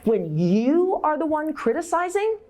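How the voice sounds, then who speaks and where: A middle-aged woman speaks to a conference audience in a workshop talk. She is direct and encouraging and laughs easily. Her voice sits at a middle pitch but leaps upward when she acts out anxious inner voices. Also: big pitch swings, unhurried, warm tone. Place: conference room.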